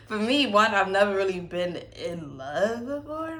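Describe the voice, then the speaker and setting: A woman's voice: mid-range voice, expressive, normal speed, fairly bright tone. A woman in her twenties from the United States, hosting a casual Q&A vlog and telling stories animatedly, acting out the voices of the people she quotes and laughing often. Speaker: vlogger.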